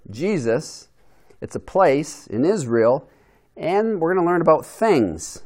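Male Bible teacher, casual lesson delivery, asks the room questions, mid pitch. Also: darkish tone. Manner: conversational, with restarts and questions to the group.

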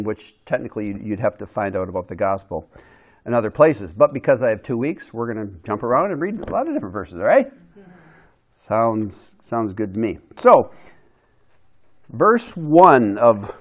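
Man teaching a casual Bible lesson. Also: mid-range voice. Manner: conversational, with restarts and questions to the group.

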